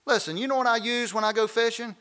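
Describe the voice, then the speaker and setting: A preaching man teaches a Bible study in church. His voice sits notably high, and he is lively and folksy as he explains the scripture. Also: fast, smooth. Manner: animated preaching with folksy asides and acted quotes. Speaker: pastor.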